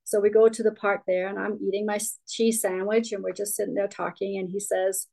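A woman's voice: medium pitch, flat delivery, fairly quick, creaky, mellow, low-quality recording. A middle-aged woman from Denmark, a guest telling her life story in an interview, candid and rambling with restarts. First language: Danish.

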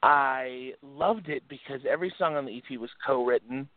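A young adult man, a singer, chatting as a guest in a casual interview, halting with many restarts. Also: mid-range voice, crowd noise. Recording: tinny phone-like line.

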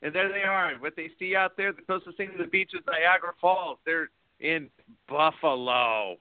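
A man co-hosting a casual sports talk show, rambling with many hesitant pauses. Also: sits high, fairly even intonation, no echo. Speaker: co-host, hockey fan. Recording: dry, phone-like lo-fi audio.

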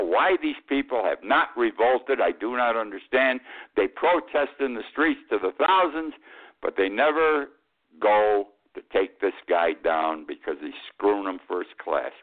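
A man hosting a weekly political talk show, giving rambling, indignant opinions with fillers and emphatic outbursts. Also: medium pitch. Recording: tinny phone-like sound.

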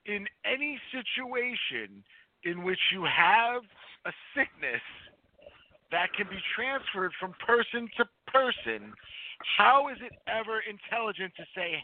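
A middle-aged man co-hosting a podcast, rambling through a casual film chat with profane, lively asides. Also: high voice, measured pace, no echo. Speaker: podcast co-host. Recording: tinny phone-like line.

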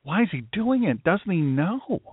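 A man's voice: high-pitched, big pitch swings, normal speed, husky, dry recording. A man hosting a political talk show as a pastor, ranting emphatically and telling stories. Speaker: host, pastor. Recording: tinny phone-like line, dry.

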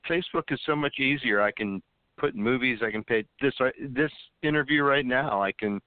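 A man's voice: mid-range voice, fairly quick, clean tone, no room sound. A man, an actor guest, chatting casually about his projects and laughing often. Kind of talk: casual interview chat. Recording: dry, phone-like call audio.

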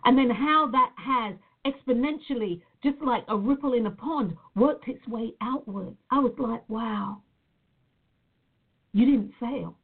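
Through audio that sounds thin and phone-like, a woman from Nevada who works as a reflexologist offers an earnest, reflective personal message, calling her viewers "guys" in a relaxed spiritual talk. Her pitch is fairly high, and she speaks at a normal rate with few pauses.

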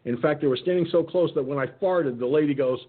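A man's voice: on the high side, fast. A middle-aged man hosting an online radio talk show, telling a funny story in casual chat and acting out the other people's voices. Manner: animated anecdote-telling, acting out quotes. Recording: tinny phone-like line.

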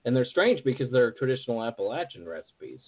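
A man hosting a podcast in casual interview chat, relaxed and joking. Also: medium pitch, fast talker, breathy edge. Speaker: podcast host. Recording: phone-like narrow sound.

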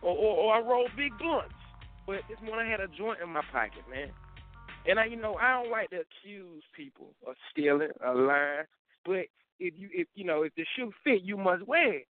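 Man, call-in show host, rambling slangy storytelling, fairly high voice, phone-line sound, faint music. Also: lively intonation, normal speed. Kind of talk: casual call-in chat.

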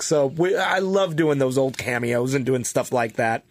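A man talking as a guest writer in casual chat, upbeat and quick to laugh. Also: medium pitch, animated, no room sound.

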